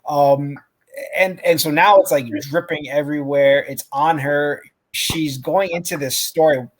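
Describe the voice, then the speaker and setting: A man's voice: fairly high pitch, fairly even intonation, measured pace. Laughing, profane man telling a story. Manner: profane, laughing, many restarts. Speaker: podcast co-host. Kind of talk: casual storytelling.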